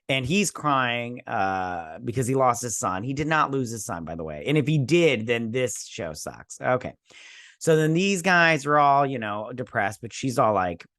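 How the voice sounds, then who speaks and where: A man's voice: mid-range voice, a bit bright, no room sound, clean studio sound. A man hosting a casual episode recap and review, rambling and sarcastic as he retells the scenes. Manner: rambling, sarcastic, quotes characters in mock voices. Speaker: host.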